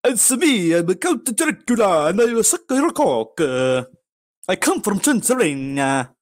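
Guy doing a silly high vampire count voice, dry sound. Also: sing-song, a little slow, no echo. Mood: goofy. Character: goofy male vampire count.

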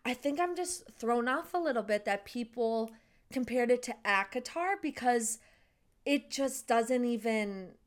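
A young woman with a slightly high voice co-hosts a relaxed podcast chat. She talks in a giggly, animated way and lets casual swears slip. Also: measured pace. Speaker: podcast co-host.

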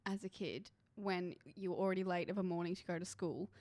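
A woman's voice: lowish voice, steady tone, fairly quick, a little mellow. A young woman co-hosting a podcast, chatting casually and drifting into her own side stories. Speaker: podcast co-host. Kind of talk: casual chat.

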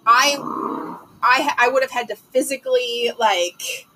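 A woman from Detroit telling a story in casual chat, animated and full of fillers, acting out the lines she quotes. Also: fairly high pitch, unhurried, rough recording.

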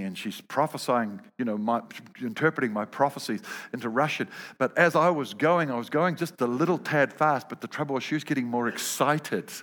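A man's voice: medium pitch, fairly bright tone, long reverb tail. Male preacher, sermon, humorous storytelling, stumbling repeats.

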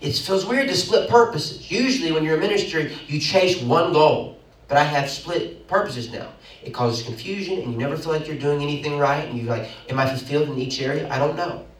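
A young man, the pastor, preaching an animated sermon with sudden loud bursts and quick asides, recorded in a church. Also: on the high side. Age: young adult. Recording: roomy echo, mic at a distance.

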